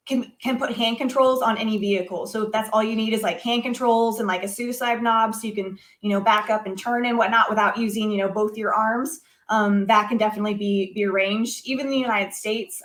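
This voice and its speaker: A young woman chats as an interview guest, her voice sitting a little high and her stories spilling out with plenty of ums and you-knows. The room around her rings with a noticeable echo. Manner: animated, many fillers like "um" and "you know". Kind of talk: casual interview storytelling. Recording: echoey room.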